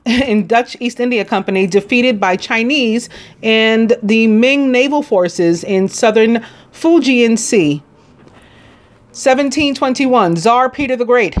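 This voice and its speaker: A woman with a New York accent reading a daily list of history facts as a tarot reader, stumbling on names and adding casual asides. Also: a little high. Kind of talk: reading daily almanac notes.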